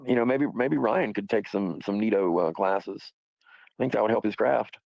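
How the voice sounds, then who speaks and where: A man's voice: on the low side, normal speed, vocal fry, darkish tone, no echo, poor audio. A man hosting a livestream, talking in a rambling, profane, casual way and laughing often. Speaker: livestream host.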